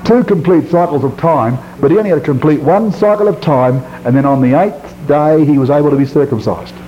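Man, preacher, sermon, high lively voice, emphatic, dull lo-fi recording. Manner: emphatic, swings from loud high stresses to low quiet drops, drawn-out scripture reading. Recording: dull lo-fi recording with faint hiss.

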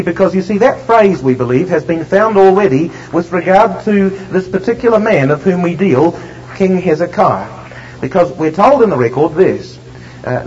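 A man preaching a sermon, emphatic and slowing down to stress the scripture he reads. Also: fairly high pitch, a little mellow, slight background noise. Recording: dull lo-fi recording.

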